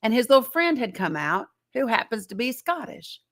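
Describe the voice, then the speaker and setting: A woman's voice: a little high, very animated, normal speed, fairly bright tone. An older woman hosting a livestream, telling a personal story in a chatty way and speaking directly to her viewers. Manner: chatty, conversational, addresses the audience directly. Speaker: livestream host. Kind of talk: casual storytelling to a live chat.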